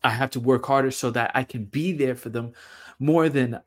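A young man hosting his own show, talking through personal reflections in a halting way with lots of fillers and repeated words. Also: medium pitch, soft background music. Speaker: podcast host. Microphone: camera mic.

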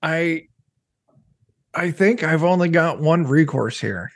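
A man playing in a tabletop game, hesitant and deadpan. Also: a little high, takes it slowly. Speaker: player. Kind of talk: tabletop role-play.

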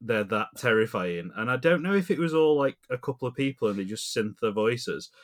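A man co-hosting a podcast, rambling and animated in casual chat, laughing often. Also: medium pitch. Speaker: podcast co-host.

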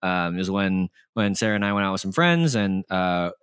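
Man, podcast co-host, lowish voice, dry close mic, rambly, teasing storyteller. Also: animated, fairly quick, fairly bright tone, clear, resonant tone, no room sound. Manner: storytelling with many fillers, teasing. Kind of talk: casual podcast chat.

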